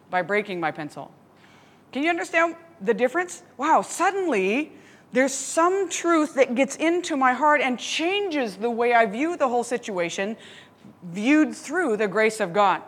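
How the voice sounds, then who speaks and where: A woman with a fairly high voice teaches a Bible study, telling a story with animated laughs and asides. Her voice carries a long reverb, as if in a hall. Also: moderate pace.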